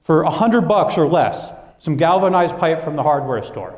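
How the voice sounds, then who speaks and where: A man's voice: a little high, moderate pace. A young man gives a business talk from a large hall, his slightly raised voice carrying a long, roomy reverb. He tells stories with energy and acts out his coworkers' lines as he goes. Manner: lively storytelling, acting out quoted coworkers. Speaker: business speaker. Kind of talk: presentation to an audience. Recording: echoey hall.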